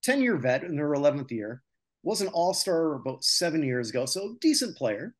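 A man's voice: a little high, very animated, moderate pace. A man from North America hosting a sports podcast, talking casually and with strong opinions. He rambles and rants, with frequent filler sounds between his points. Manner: opinionated, ranting, many filler "uh"s. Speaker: podcast host.

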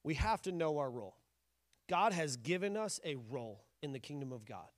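A man's voice: a little high, very animated, normal speed, no echo, studio quality. A man in his thirties, a pastor, preaching a sermon in a conversational, joking style with bursts of animation.

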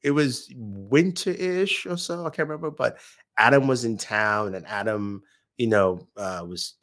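A man's voice: mid-range voice, measured pace, fairly bright tone. A man, a YouTuber guest, telling anecdotes in casual chat, acting out the voices of people he quotes and laughing often.

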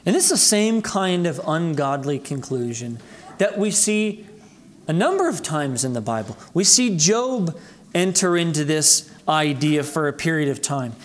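A man preaching a sermon as pastor, earnestly calling his listeners brethren, his voice climbing high and loud for emphasis, then dropping low and quiet. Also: very animated, measured pace, slight background noise. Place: church sanctuary.

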